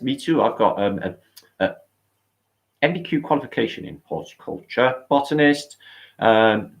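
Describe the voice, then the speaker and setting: A middle-aged British man with a lowish voice rambles through a casual livestream. He swears freely and reads out viewer comments as he goes. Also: lively intonation, normal speed. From Britain. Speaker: livestream host.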